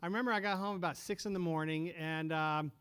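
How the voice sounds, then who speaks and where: A man's voice: a little high, fast talker, slight background noise. A man telling a story on a panel in casual talk, acting out quoted lines as he goes. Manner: animated anecdote teller who acts out quotes. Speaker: panelist, former restaurant owner.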